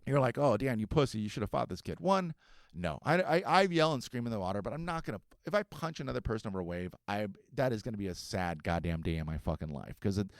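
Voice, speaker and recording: A man's voice: fairly low pitch, expressive, quick pace, no room sound. A man in his forties hosting a podcast, telling a story in a casual, profane, self-mocking way. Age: 40s. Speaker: podcast host.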